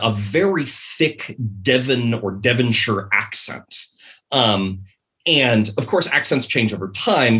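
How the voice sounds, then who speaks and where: Guy on a podcast, bright tense voice, lots of ums and restarts. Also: mid-range voice. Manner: rambling, many fillers and restarts. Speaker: podcast guest. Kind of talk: casual chat.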